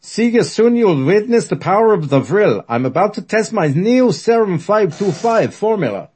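A maniacal male scientist with a thick German accent, shouting commands up in a strained high register. A man with a husky voice acts him out. He lectures and bellows with wild glee. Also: big pitch swings, moderate pace, heavily acted. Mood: boastful. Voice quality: loud, barking, maniacal.

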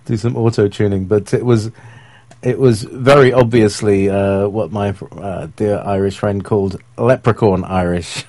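A man's voice: lowish voice, fairly even intonation, unhurried, a little mellow, no echo. A man hosting a casual call-in stream, talking in a rambling, hesitant way with many fillers and chuckles. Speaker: show host. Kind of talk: casual live-stream talk.

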